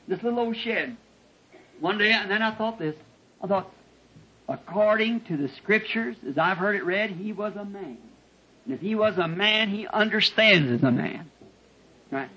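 A man preaching a sermon as a personal testimony, turning emotional and shooting into high-pitched bursts as he tells his story, recorded at a church meeting. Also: lively intonation, normal speed, slightly rough. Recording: dull lo-fi archival tape.

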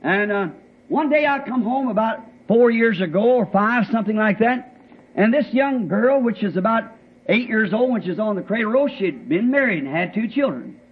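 In a dull, lo-fi old recording, a man with a high, husky voice tells a testimony during a sermon. He speaks at a moderate pace with lively intonation, rambling in a folksy way and using plain rural grammar.

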